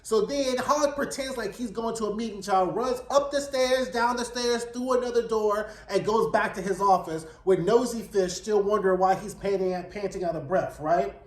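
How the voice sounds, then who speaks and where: A man's voice: high voice, normal speed, few pauses. A man giving a chatty, sassy and frank casual recap of a TV episode. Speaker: TV recap vlogger. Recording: roomy echo.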